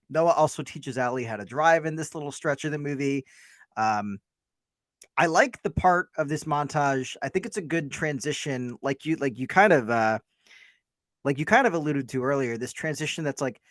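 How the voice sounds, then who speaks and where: A man's voice: mid-range voice, fairly bright tone, no echo, clean studio sound. A man co-hosting a podcast, chatting casually about a film in a rambling, hedging way. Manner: rambling, hedging, self-deprecating. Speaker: podcast co-host.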